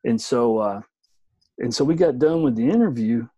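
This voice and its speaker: A man's voice: medium pitch, lively intonation, moderate pace, dark tone, husky, no echo, muffled recording. A middle-aged man telling a story in casual chat as a podcast co-host, laid-back, swearing, often saying "man".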